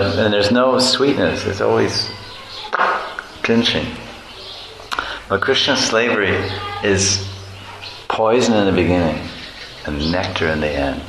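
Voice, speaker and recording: A man's voice: low-pitched, creaky. A man giving a devotional lecture as a monk, playful, laughing often and acting out little voices. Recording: echoey room with noise.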